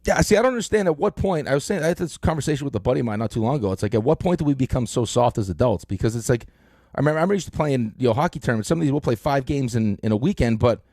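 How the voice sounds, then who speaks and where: A middle-aged man hosting a sports radio show, telling stories in an animated way with lots of fillers, on a close studio mic. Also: medium pitch, very fast, no echo. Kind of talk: casual sports talk.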